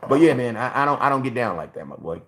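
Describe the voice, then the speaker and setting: A man's voice: medium pitch, big pitch swings, fast talker, a bit bright. Blunt forty-year-old man ranting to chat. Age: 40s. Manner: blunt, repetitive, talks straight to chat. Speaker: sports livestream host. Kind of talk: casual livestream commentary.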